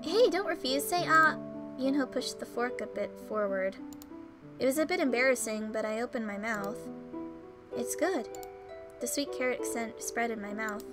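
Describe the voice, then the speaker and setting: A woman's voice: on the high side, moderate pace. A woman playing a visual novel as a Let's Player, reading it aloud with emotional, teary, swearing reactions. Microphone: home microphone. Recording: game music behind.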